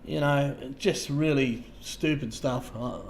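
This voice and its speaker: An Australian man hosting a casual livestream, talking to viewers in a halting way, repeating words and trailing off softly. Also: medium pitch, a little hiss or hum. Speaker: livestream host.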